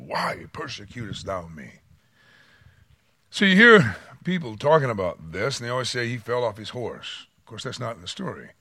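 A man's voice: on the low side, bright, forceful tone, no echo. A man preaching a sermon, reading scripture and acting out quotes with dramatic swings. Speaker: pastor.

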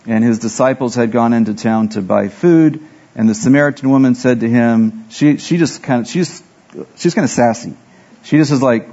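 A man's voice: mid-range voice, normal speed, warm tone, muffled recording. A man preaching a sermon as pastor, telling self-deprecating stories and acting out the dialogue.

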